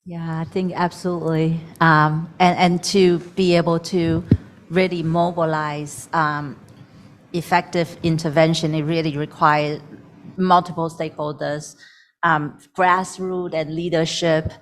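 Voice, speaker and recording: A woman speaking as a panelist in a measured, earnest way. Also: low voice, level tone, a little hiss or hum. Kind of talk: panel discussion.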